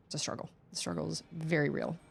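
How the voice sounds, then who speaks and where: A woman's voice: sits low, big pitch swings, fast, gravelly, a little hiss or hum. A woman streaming a game, chatting casually, talking to herself and exclaiming at the game. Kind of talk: casual live gameplay commentary.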